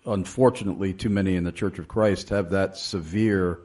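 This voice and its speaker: A man hosting a radio interview, talking in a deliberate way with frequent pauses and fillers. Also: low voice, fairly even intonation, a little mellow. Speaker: radio show host. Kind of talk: interviewing a guest on a radio show.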